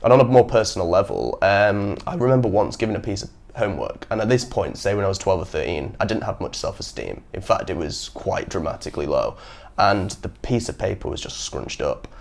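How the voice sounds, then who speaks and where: A young man hosting a podcast, telling stories in a casual, animated way and acting out the people he quotes. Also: low voice, a little fast, vocal fry. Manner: animated storyteller who acts out quotes. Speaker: podcast host. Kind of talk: casual chat.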